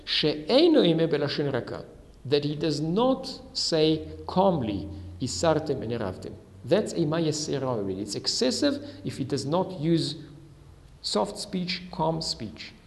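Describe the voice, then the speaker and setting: A man with a slightly high, gravelly voice gives a Talmud lesson in a reverberant hall. He reads the Aramaic with Ashkenazi Hebrew pronunciation, then explains each line in English. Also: very animated, measured pace. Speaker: Torah teacher. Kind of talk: Talmud lesson, reading and translating.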